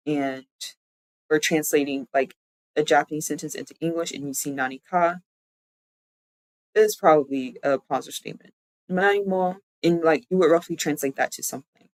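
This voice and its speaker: Casual live-stream lesson, chatty, thinking aloud, mid-pitched voice, dry close sound. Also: fairly even intonation, moderate pace, dry recording, poor audio. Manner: chatty, loose explanations full of "like"; self-correcting, thinking aloud. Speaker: streamer teaching language.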